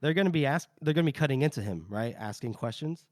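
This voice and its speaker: A man's voice: medium pitch, animated, quick pace, no room sound, studio quality, close to an everyday voice. A man voicing a blunt frontier woman. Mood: somber. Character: tough, worried young frontier woman.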